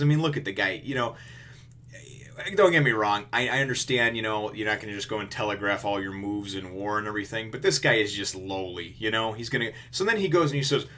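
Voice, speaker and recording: A man's voice: lowish voice, pushed and bright. A man reviewing a manga chapter in a casual, rambling way, full of fillers and blunt, profane remarks.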